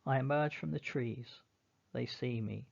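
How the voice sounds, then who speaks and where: Man reading a story really slowly, gravelly voice, dull lo-fi sound. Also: medium pitch. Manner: slow, measured, mournful reading. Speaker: narrator. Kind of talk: first-person storybook reading.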